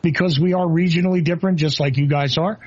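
Jersey guy hosting, husky voice, lots of uh and you know, muffled sound. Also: a little high, steady tone, fast. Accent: New Jersey. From New Jersey. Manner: rambling, many fillers and restarts. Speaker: host. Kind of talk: casual interview chat.

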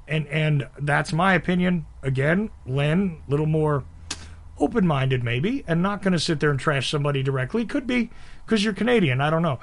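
Man, from the Northeast US, casual host, blunt, laughs often, fairly high voice. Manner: blunt, self-described abrasive, laughs often. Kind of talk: casual conversation.

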